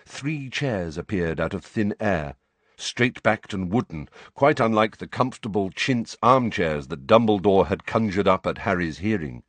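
A man's voice: low-pitched, expressive, unhurried, no echo. A man narrating an audiobook expressively, shifting his voice for the characters.

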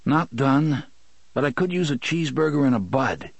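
A man's voice: mid-range voice, lively intonation, moderate pace, creaky, husky, dry recording, pitched above the performer's own voice. A man reading an audiobook, voicing a brash, slangy young man who cracks jokes. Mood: jokey. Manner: slangy, wisecracking. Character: young adult man, brash streetwise joker.

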